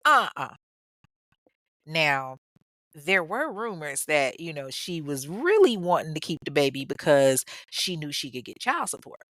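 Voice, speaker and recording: A woman's voice: deep voice, big pitch swings, normal speed, dry recording, studio quality. A woman podcast host telling a true-crime story casually, with sassy, profane, humorous asides.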